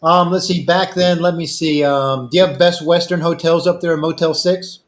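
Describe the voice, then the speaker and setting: A man's voice: fairly high pitch, fairly even intonation, moderate pace, muffled recording. An older man casually telling a long, rambling personal story, acting out the other people in it. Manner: rambling anecdotal, quotes others in dialogue. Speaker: storyteller guest.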